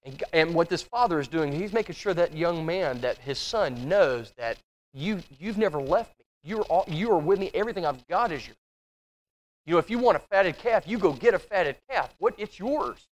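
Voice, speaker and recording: A man's voice: fairly high pitch, expressive, normal speed. A man teaching a Bible study class in a church, reading scripture and explaining it in a conversational way, often repeating and restarting words.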